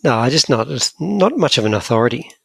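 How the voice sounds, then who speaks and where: Gravelly man bantering on a podcast. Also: mid-range voice, big pitch swings, fairly quick, a bit bright, no room sound. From Scotland. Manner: jokey, rambling banter. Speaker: podcast co-host. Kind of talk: casual chat.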